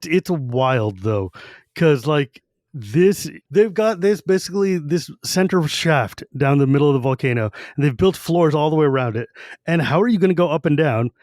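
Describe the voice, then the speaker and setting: A man's voice: a little high, expressive, darkish tone, no room sound, clean studio sound. Man casually retelling a fantasy novel. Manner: retells scenes loosely with quick put-on character quotes. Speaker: podcast co-host. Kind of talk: casual book-discussion podcast.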